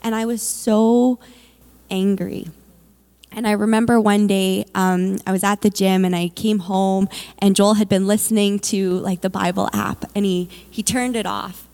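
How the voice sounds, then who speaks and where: A woman, a mother of four, shares a personal faith testimony in a candid, unpolished way. Her speech is full of fillers and restarts. Her mid-pitched voice carries a gravelly creak. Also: flat delivery, a little slow, mellow. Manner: candid storytelling with many fillers.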